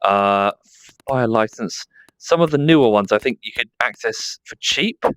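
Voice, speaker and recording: A man from the south of England with an Estuary English accent chats casually on his livestream, reading chat and fondly baby-talking to his dog between remarks. His medium-pitched voice is expressive and smooth at a moderate pace, with no room sound.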